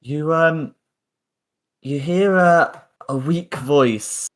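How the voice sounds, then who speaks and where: A man with a slightly high voice and drawn-out words runs a tabletop game as game master. His narration is hesitant, full of ums and repeated words.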